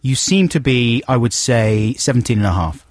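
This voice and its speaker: A man's voice: medium pitch, animated, no room sound, studio quality. A man co-hosting a comedic radio show, teasing and playful as he questions a guest. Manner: teasing, playful, quick to jump in. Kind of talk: casual comedic radio banter.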